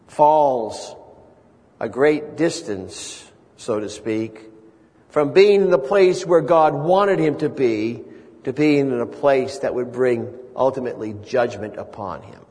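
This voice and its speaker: A man's voice: mid-range voice, expressive, slow, a little mellow. A man preaching a sermon, earnest and building to emphatic repeated phrases. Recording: long reverb of a large hall.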